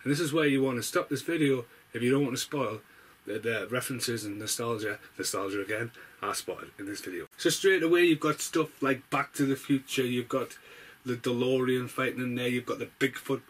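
Man, excitable, swears a lot, keeps saying wow, casual home video review. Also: medium pitch, fairly quick, husky. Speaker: movie reviewer and collector. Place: home room full of film collectibles.

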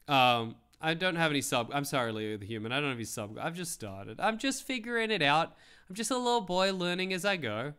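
A man with a fairly high, bright voice does casual stream commentary. His pitch swings widely as he rambles wryly, reading how-to steps and answering his chat. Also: sing-song, quick pace, clean tone. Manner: wry, rambling, reacts to chat and pictures.

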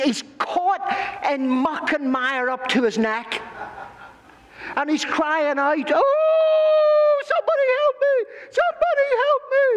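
Playful male pastor telling a kids' story in church, high-pitched, long hall reverb. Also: fairly bright tone. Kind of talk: children's sermon.

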